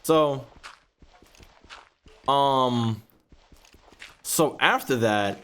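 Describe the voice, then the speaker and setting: A young man, casually telling a profane, animated story while playing a game. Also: takes it slowly, pauses often. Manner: profane, animated storytelling, rising pitch when retelling outrage. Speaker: gaming YouTuber. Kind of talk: casual storytelling over gameplay.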